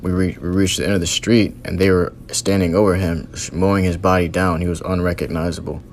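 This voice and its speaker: A man's voice: low voice, flat delivery, brisk, slight background noise. A man earnestly recounting a religious vision as a testimony, in loose storytelling with many fillers.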